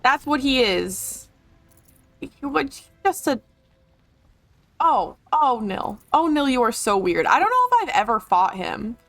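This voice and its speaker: A woman streaming a video game live, chatting excitably, swearing and joking as she comments. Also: sits high, measured pace, dry recording, faint music behind.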